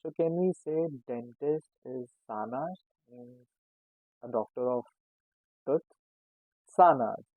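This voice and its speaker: A man teaching a beginner language lesson, speaking slowly and explaining patiently while repeating each example word. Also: mid-range voice, no echo. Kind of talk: casual spoken lesson. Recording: tinny phone-like sound, dry.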